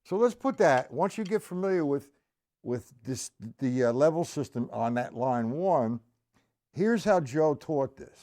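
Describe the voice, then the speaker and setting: Slow-talking man counting drum strokes. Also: on the high side, expressive, warm tone. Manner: patient, counting aloud while playing. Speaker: drum teacher. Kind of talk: live-streamed drum lesson.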